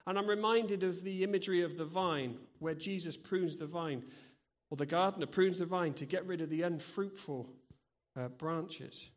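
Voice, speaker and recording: A man's voice: high voice, normal speed. A middle-aged man preaching in a church, earnest and personal, sharing stories from his own life. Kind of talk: sermon.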